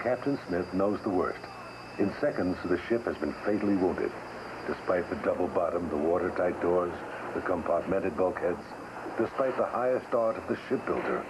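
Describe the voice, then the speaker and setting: A man's voice: deep voice, background noise. A man narrating a documentary in a dramatic, emphatic scripted delivery. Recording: narration over loud music score.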